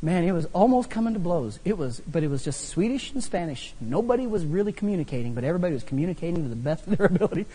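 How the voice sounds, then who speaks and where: Man, preacher, husky voice, long reverb, church hall. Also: a little high, rapid-fire, hardly any pauses. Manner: animated, humorous storytelling. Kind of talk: sermon with personal stories.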